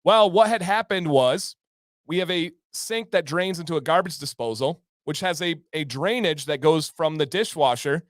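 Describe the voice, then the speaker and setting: A man's voice: on the high side, moderate pace, no echo. A man hosting a livestream, telling a long exasperated story to his chat with jokey asides. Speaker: livestream host. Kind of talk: casual storytelling to a live chat.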